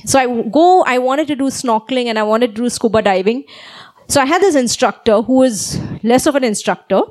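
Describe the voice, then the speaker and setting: A woman preacher giving a sermon, telling a personal story in an animated way and often checking in with "okay?". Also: fairly high pitch, a little fast.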